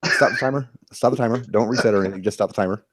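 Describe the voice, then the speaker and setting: A man's voice: lowish voice, very fast, a bit bright. A man taking part in a casual group chat, wry and direct.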